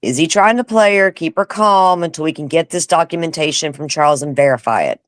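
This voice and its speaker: A woman's voice: low-pitched, a little fast, no room sound. Blunt co-host woman, dry sound. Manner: blunt, calm, plays devil's advocate. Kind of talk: casual chat.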